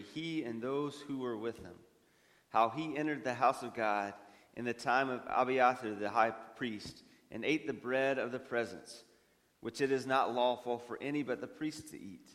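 A man of the clergy reading the gospel aloud in a church service, measured and expressive. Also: mid-range voice. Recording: long reverb of a church hall.

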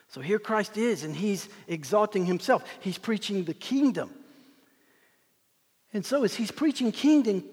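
A man preaching a sermon as pastor, swinging from loud proclamation to hushed whispers. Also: high voice, husky. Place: church sanctuary. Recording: long hall reverb.

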